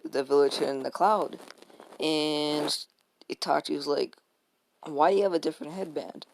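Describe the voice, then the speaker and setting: A man's voice: fairly high pitch, vocal fry, a little hiss or hum. A man casually retelling a fan-made story, rambling along with lots of fillers, restarts and swearing.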